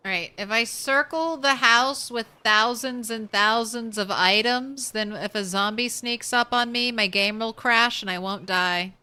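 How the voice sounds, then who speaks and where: Bright, crisp woman streamer chatting slowly. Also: a little high. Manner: chatty, talks to herself and the game, yawning late at night. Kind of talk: casual gameplay commentary.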